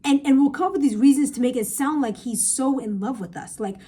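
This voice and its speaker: A woman's voice: high-pitched, brisk, hardly any pauses, dark tone, slightly rough. A young woman in a casual podcast-style rant, giving blunt, emphatic, profane advice to viewers, recorded on a phone. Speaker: vlogger. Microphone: phone camera.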